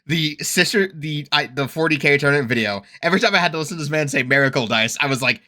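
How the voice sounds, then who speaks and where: A man hosting a casual reaction video, rambling with frequent laughs, fillers and excitable, mock-indignant rants. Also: fairly high pitch, fast talker. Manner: rambling, laughs often, heavy use of fillers.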